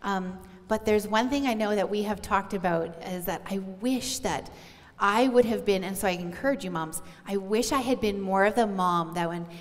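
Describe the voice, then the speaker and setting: A woman's voice: mid-range voice, moderate pace. Middle-aged woman, earnest conversational preacher addressing moms, voice ringing in a big hall. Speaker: pastor's wife sharing on stage. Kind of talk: conversational sermon. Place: church auditorium. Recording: long church hall reverb.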